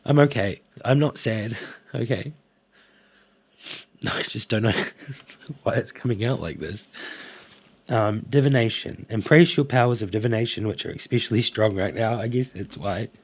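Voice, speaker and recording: A man's voice: lowish voice, moderate pace, long pauses. A man doing a casual oracle card reading to camera, emotional, laughing and sighing as he goes. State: emotional, coughing. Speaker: tarot card reader.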